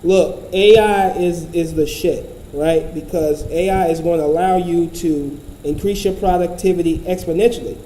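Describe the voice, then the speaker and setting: High-voiced, dark-toned man, rambling casual commentary, faint noise behind. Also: fairly even intonation, normal speed, hardly any pauses, roomy sound, rough recording. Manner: profane, blunt, rambling.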